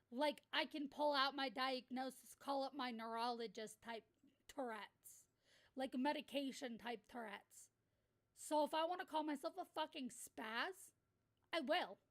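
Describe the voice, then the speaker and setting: A woman's voice: sits high, a little slow. A woman livestreamer in a casual rant, talking bluntly and heatedly, with plenty of swearing. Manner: blunt, profane, heated ranting.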